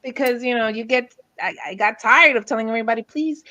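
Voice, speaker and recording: A woman's voice: on the high side, quick pace, no room sound, dull audio. A woman in a casual panel chat, talking expressively with an exasperated edge. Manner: expressive, exasperated, laughs easily. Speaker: guest investigator.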